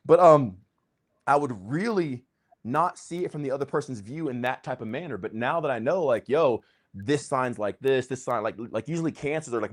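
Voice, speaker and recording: A man hosting a casual conversation, talking in an excitable, slangy way. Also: medium pitch. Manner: excitable, slangy, uses "dude" and "bro". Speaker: host.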